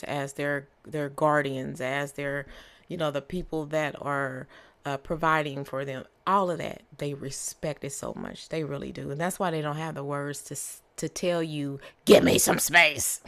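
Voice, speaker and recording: Woman, low voice, tarot reader, conversational, many fillers and repeats. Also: steady tone, measured pace. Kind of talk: casual channeled tarot reading.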